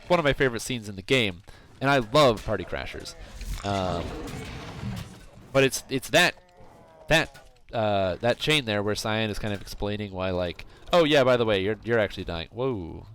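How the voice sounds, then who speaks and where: A man's voice: on the low side, a bit bright, a little hiss or hum. A man streaming a game, chatting casually in a rambling way with plenty of fillers and self-corrections. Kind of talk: casual chat while playing.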